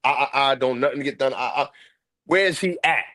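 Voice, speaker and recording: A man's voice: mid-range voice, normal speed, bright, forceful tone, dry recording. A man with a New York accent telling a story in casual chat, with a harsh, aggressive way of talking. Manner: harsh, aggressive street talk. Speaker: host.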